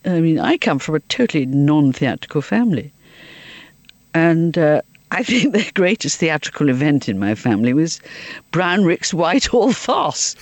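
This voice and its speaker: A woman's voice: sits low, big pitch swings, normal speed, no room sound. A woman from Liverpool, a guest in an interview, telling comic anecdotes and laughing often as she talks. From Liverpool, England. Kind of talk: anecdotal storytelling.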